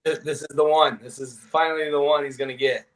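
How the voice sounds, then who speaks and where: Dude talking super fast, kinda high voice, rambly with lots of you know. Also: male voice, steady tone. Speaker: guest analyst. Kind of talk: casual panel chat.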